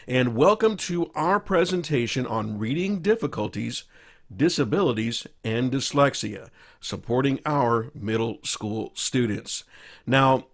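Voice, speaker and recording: Teacher presenting a staff training: measured, explanatory male voice, mid-range pitch. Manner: measured, explanatory, with occasional fillers. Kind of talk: recorded slideshow lecture.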